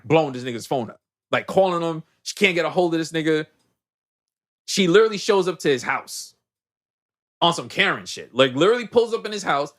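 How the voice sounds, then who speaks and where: Man, podcast co-host, casual movie recap, slang-heavy, animated storytelling, higher-pitched voice.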